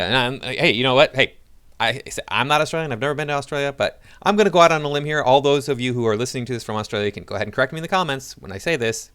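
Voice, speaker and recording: A man's voice: medium pitch, animated, rapid-fire, a bit bright, clean tone. A man giving casual reaction commentary to his viewers, rambling with many fillers and restarts. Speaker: video commentator.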